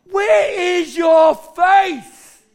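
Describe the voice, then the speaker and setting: A man voicing a stern male teacher who shouts commands at a storm. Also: very high-pitched, animated, takes it slowly, vocal fry, full character voice. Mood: chiding.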